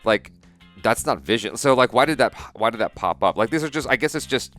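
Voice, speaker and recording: A man's voice: mid-range voice, lively intonation, a little fast, a bit bright, faint music behind. A man co-hosting a reaction show, talking animatedly in casual chat and acting out his own thoughts.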